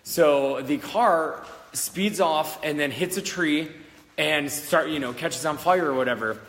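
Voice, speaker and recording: A psychic medium tells a story casually to camera inside an old country schoolhouse, rambling and giggling with many fillers and restarts. His voice is fairly high and a bit bright, a little slow, with a big-room sound.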